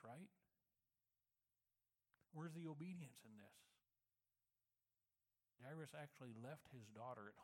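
A man preaching a sermon, retelling a story in a conversational way, often repeating words and dropping to a quiet, low voice for emphasis. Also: low-quality recording. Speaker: pastor.

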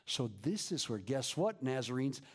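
A man preaching a sermon as a pastor, moving between lively emphasis and hushed whispers. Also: medium pitch, moderate pace, breathy edge. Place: church.

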